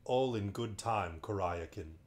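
A great, kingly lion from a bedtime storybook speaks slowly and solemnly, calm and sure, as a man reading aloud gives him voice. His words come measured and unhurried. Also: lowish voice, natural voice.

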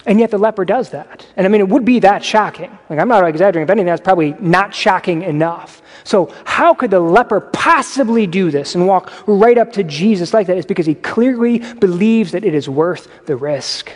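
A man delivers a sermon in a loose, conversational style and breaks into lively asides. His voice sits high for a man. It rings through a church hall with a long reverb tail. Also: a little fast, hardly any pauses. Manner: conversational preaching with animated asides. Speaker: pastor. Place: church sanctuary.

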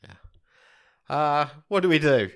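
A man with a cold and a husky, congested voice, co-hosting a casual chat podcast with dry, playful banter. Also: medium pitch, expressive, normal speed, fairly bright tone. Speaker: podcast co-host.

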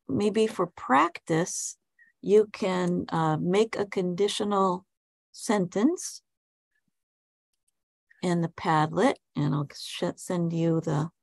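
Slow gravelly woman teaching on a call. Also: on the low side, no echo. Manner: hesitant, many ums and restarts, friendly questions. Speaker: English teacher. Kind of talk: casual online class talk. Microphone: video call.

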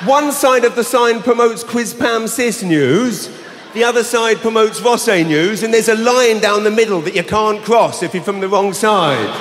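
A man performing live stand-up comedy, telling a story with animated bursts of shouting. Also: high voice, normal speed, slight background noise. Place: large arena stage. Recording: live arena with long reverb.

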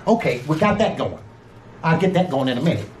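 An older man from Georgia hosts a casual cooking vlog, chatting in a playful, folksy way and calling his viewers closer. His voice sits fairly high for a man. A faint hum of noise runs under the recording. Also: sing-song, fairly quick. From Georgia, USA. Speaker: home cook and channel host.

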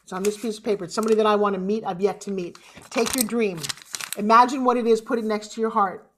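A woman's voice: mid-range voice, fairly even intonation, fast talker, a little hiss or hum. A woman giving a motivational keynote, speaking with emphasis and rousing the audience. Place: online summit.

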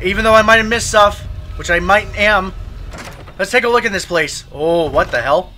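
Hoarse, screaming young gamer. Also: male voice, high-pitched, normal speed, sharp tone. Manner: screams and swears at scares, then mutters. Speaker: gaming video host. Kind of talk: horror game commentary.

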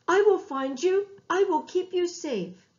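Woman doing kind shepherd man, comforting, lively rising and falling voice, muffled lo-fi sound. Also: on the high side, slow pace. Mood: reassuring. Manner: gentle, comforting calls. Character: kind male shepherd, calm and reassuring. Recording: dull lo-fi recording.

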